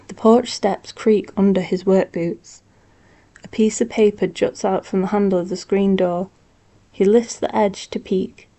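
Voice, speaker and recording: A woman reading a novel aloud in a calm, steady storytelling manner. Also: medium pitch. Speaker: audiobook reader.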